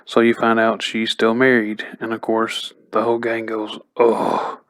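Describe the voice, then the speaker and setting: A man's voice: fairly low pitch, monotone, moderate pace, a bit bright. A man giving a casual spoken recap as a TV episode reviewer, chatty and loose, with lots of "like" and "you know".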